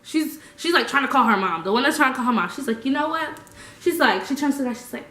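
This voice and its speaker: Young woman, higher pitch, slangy storytelling, echoey room. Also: quick pace. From United States. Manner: animated, laughing, slangy. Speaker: vlogger. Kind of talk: casual storytime.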